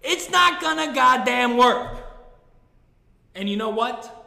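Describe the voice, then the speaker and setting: Dude screaming a sweary comedy rant, really high sharp voice, big echoey room. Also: male voice, expressive, slow, gravelly. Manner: yelling, swearing, self-mocking. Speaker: comedian ranting to camera. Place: room in the middle of his building, no studio. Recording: echoey room with long reverb.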